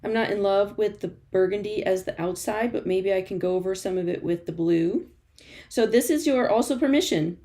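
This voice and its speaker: A woman's voice: medium pitch, moderate pace, dark tone. A woman running a live-stream art journaling class from a studio, chatty and encouraging, laughing often and answering viewer comments as she works. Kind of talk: live-stream crafting demo.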